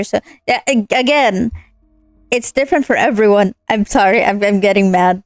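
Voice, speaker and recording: Young woman streamer, casual earnest rant, mid pitch, dry close mic. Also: fairly even intonation, normal speed, no echo. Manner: ranting, earnest, with laughs and many fillers. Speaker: streamer playing a visual novel. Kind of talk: casual gameplay commentary.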